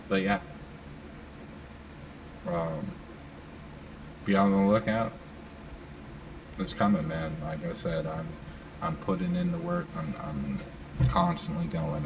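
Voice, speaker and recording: A man's voice: extremely low pitch, gravelly. A man hosting a live panel, talking casually and rambling with lots of fillers while he addresses the crowd. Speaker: panel host. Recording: distant mic with loud room noise.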